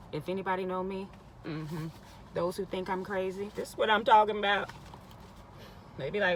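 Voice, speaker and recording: A woman reads a spiritual book aloud at a mid pitch, weighting key lines. She breaks off now and then to repeat a passage or comment on it, with a faint hiss behind her. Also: moderate pace, fairly bright tone, poor audio. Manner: emphatic, stops to repeat and comment. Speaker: reader.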